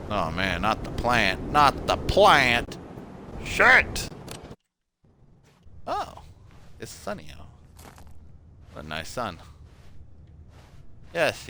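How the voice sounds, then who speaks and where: A man's voice: deep voice, sharp tone, slight background noise. A man streaming a video game, muttering commentary to himself, with occasional swearing and sudden outbursts. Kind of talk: gameplay commentary.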